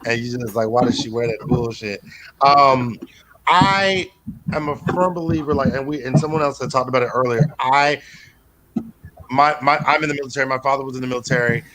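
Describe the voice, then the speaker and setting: A man doing a rambling, profane stand-up comedy set, full of restarts and deadpan absurd asides. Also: mid-range voice, fairly quick.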